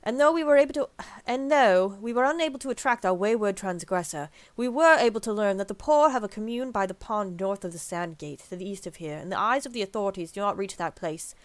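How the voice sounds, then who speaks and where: A woman's voice: mid-range voice, expressive, fairly quick, no room sound, natural voice. Woman voicing a posh roguish man, wry and theatrical, dry close sound. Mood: scheming. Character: suave smooth-talking male rogue.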